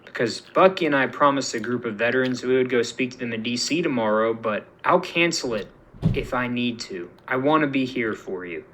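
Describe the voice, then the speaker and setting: Man voicing a gentle loyal soldier hero, story read. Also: medium pitch, expressive, a little fast, background noise, lightly acted.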